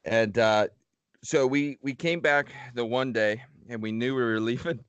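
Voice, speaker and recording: A man co-hosting a podcast, talking in a laid-back, casual way with lots of pauses and fillers and some swearing. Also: medium pitch, fairly even intonation, smooth, no room sound. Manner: laid-back, hesitant with many fillers, profane. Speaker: podcast co-host. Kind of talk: casual storytelling chat.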